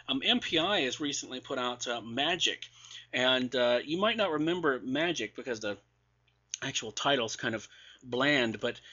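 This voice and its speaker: A man's voice: mid-range voice, sharp tone, lo-fi sound. A man casually reviewing new releases with sarcastic asides and many fillers and restarts, his voice wearing out. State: losing his voice. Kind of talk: casual podcast commentary.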